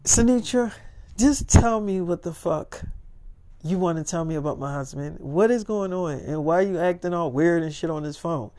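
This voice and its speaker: A man's voice: a little high, expressive, moderate pace, mellow, natural voice. A man voicing an angry young wife who fires off demanding, profane questions.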